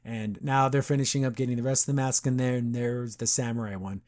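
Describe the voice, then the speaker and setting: A man's voice: medium pitch, fairly even intonation, brisk, darkish tone. A young man hosting a podcast, recapping a cartoon episode in a chatty, enthusiastic way and acting out the characters' lines. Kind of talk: casual recap commentary.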